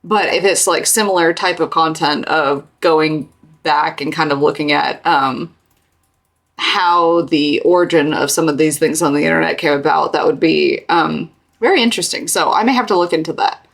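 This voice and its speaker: A woman's voice: deep voice, moderate pace, vocal fry, a bit bright. A woman streamer reacting to a video in casual chat, laid-back, giggly and casually swearing.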